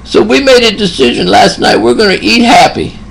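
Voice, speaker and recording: A man's voice: sits high, a little fast, creaky, a bit bright, husky, pitched above the performer's own voice, heavily acted, rough recording. A man putting on a folksy eighty-something old man. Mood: resolved. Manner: earnest, folksy, plain-spoken. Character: elderly male patient, 83, cheerful and stubborn.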